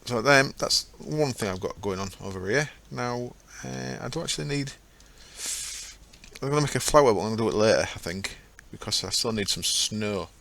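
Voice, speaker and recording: A man's voice: mid-range voice, animated, normal speed, creaky, fairly bright tone. Chatty man narrating gameplay. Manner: chatty, rambling, self-correcting. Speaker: gaming channel host. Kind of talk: casual gameplay commentary.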